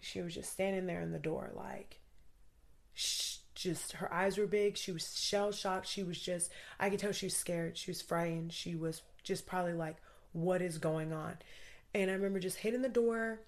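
A woman guest urgently recounts a frightening personal story, retelling it vividly with many fillers. Her voice is fairly low with vocal fry, fairly even intonation and a moderate pace.

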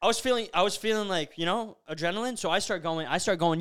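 A young man hosting a podcast, recounting a story in casual chat, animated and full of fillers like "bro" and "like". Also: sits high, fast, clean tone. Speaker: podcast host.

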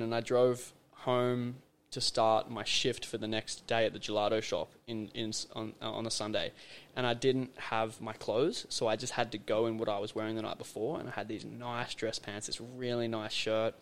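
A man's voice: mid-range voice, clear, resonant tone. A young man with an Australian accent, a podcast guest telling a story in a loose, slangy way, full of fillers. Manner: animated, slangy, lots of fillers. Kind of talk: casual storytelling chat.

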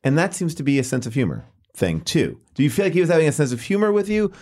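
A man's voice: a little high, very animated, fast, darkish tone. A man, a guest on a comedy talk show, chiming in casually. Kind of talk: casual chat.

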